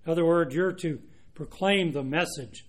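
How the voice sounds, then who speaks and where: A man preaching a sermon, earnest and unhurried, with frequent restarts and fillers. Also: fairly high pitch.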